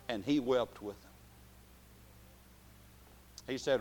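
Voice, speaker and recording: A man preaching a sermon, dropping to quiet, drawn-out phrases and then rising to loud shouted climaxes. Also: fairly high pitch, big pitch swings, vocal fry.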